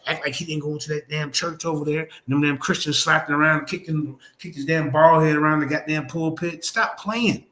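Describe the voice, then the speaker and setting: A man speaks, his voice sitting a touch high and ringing bright. He rants on a livestream, combative and profane, firing trash talk at his rivals. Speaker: streamer host. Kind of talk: heated livestream rant.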